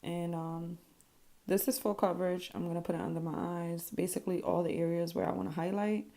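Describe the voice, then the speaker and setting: A woman's voice: lowish voice, little pitch movement, brisk, creaky, warm tone. A woman talking casually through her makeup routine as a vlogger, candid and swearing freely with lots of ums. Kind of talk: casual makeup tutorial voice-over.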